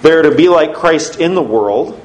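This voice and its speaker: A man preaching a sermon as pastor, putting questions to his congregation in an emphatic, lively way. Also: on the high side, moderate pace. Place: church sanctuary. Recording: roomy church echo.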